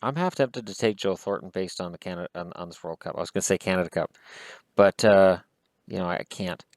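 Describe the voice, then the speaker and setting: A man with a fairly low voice talks through casual hockey picks in a rambling, wry way. He makes dry jokes about himself as he goes. The sound is close and dry, with no room around it. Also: fairly quick, dry recording. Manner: rambling, wry, self-deprecating asides. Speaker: hockey commentator. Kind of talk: casual solo commentary.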